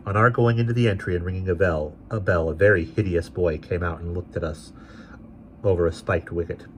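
A man narrating a classic novel aloud in a steady, expressive way. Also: sits low, a little fast, slight background noise. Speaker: audiobook reader.

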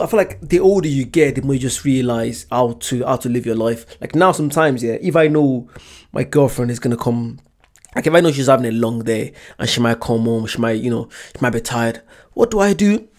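A man's voice: mid-range voice, brisk, a little mellow. A man giving casual, emphatic reaction commentary and repeating his points. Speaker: YouTube reaction host.

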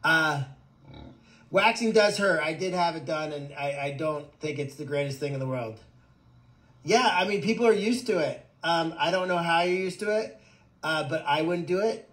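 A man's voice: a little high, moderate pace, fairly bright tone. A man hosting a casual livestream from an animal sanctuary, answering viewer comments in a joking, rambling way with stammered restarts.

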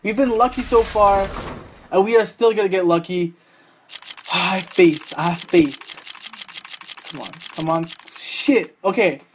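A young man hosting a gaming channel, giving excitable, profane live commentary while opening game cases, swinging between hype and groaning despair. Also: high voice, a little slow, long pauses, a little hiss or hum.

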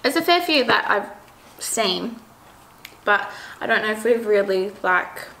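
A woman's voice: mid-range voice, animated, slow pace, creaky, sharp tone. A young Australian woman chatting casually and giggling while eating on camera. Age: young adult. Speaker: vlogger host. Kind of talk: casual mukbang chat. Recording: echoey room with faint noise.

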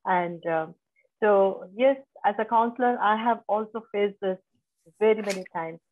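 A measured, agreeable woman counselor guiding a panel discussion. She comes through a tinny, phone-like video call line, and her voice is mid-pitched. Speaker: counselor and talk show moderator. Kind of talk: moderating a panel talk.

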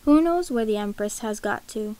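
A woman's voice: fairly high pitch, expressive, moderate pace, warm tone, lightly acted. A woman reading the lines of an earnest, troubled young prince who speaks frankly. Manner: earnest and direct.

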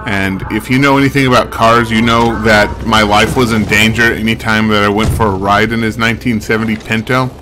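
A man's voice: lowish voice, steady tone, brisk, few pauses, noisy background. A man chatting casually as he plays a video game, with joking asides. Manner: chatty, self-mocking asides. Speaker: game streamer. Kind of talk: casual let's-play commentary. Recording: game music behind the voice.

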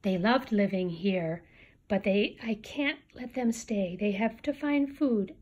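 A woman's voice: mid-range voice, takes it slowly, darkish tone, highs cut off. A woman reading a picture book aloud and voicing a small grumpy male creature who guards the trees, in a scolding, pleading manner. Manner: scolding, pleading storybook delivery.

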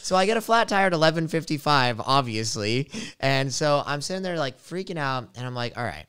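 A young man hosting a podcast, telling a travel story in an animated, casual way with lots of fillers. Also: mid-range voice, fairly quick. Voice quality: very clear voice.

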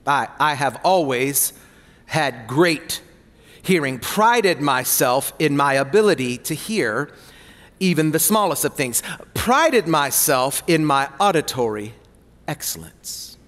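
High-voiced pastor in an echoing hall. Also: male voice, slow pace. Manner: playful, animated storytelling with asides to the congregation. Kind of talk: sermon. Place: church hall.

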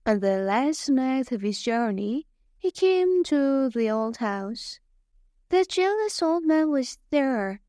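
A woman narrates a simple story with slow, deliberate care, spacing each word so learners can follow. Her voice sits a little high. It is recorded close and dry, with no room sound. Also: expressive, warm tone, dry recording. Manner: slow, careful, clearly spaced reading.

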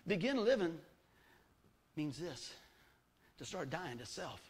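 A man's voice: on the high side, big pitch swings, slow pace, breathy edge. A middle-aged man preaching a sermon, folksy and emphatic, full of rhetorical questions to the congregation. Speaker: pastor.

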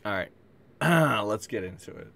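A man's voice: fairly low pitch, animated, measured pace, gravelly, a bit bright. A man doing casual reaction commentary on a call, swearing freely and mocking with laughing asides. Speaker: commentary streamer.

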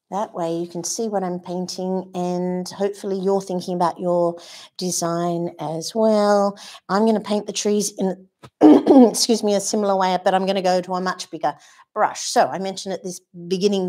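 A woman's voice: fairly low pitch, dark tone. A woman teaching watercolour painting in a live demonstration. She chats and thinks aloud as she paints, and she gushes about colours and brushes. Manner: chatty, thinks aloud while painting, gushing.

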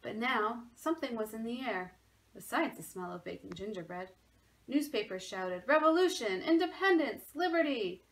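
A woman's voice: medium pitch, normal speed, fairly bright tone, low-quality recording. A woman, a museum education manager, reading a children's story aloud expressively from her home.

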